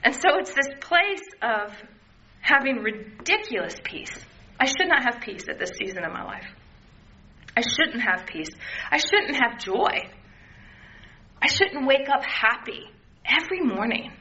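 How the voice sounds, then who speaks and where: High and sing-song, this woman's voice is unhurried yet bright and forceful. In her thirties, she earnestly and openly shares her recovery testimony in a casual way, acting out the voices she quotes, captured on a dull lo-fi recording with slight noise.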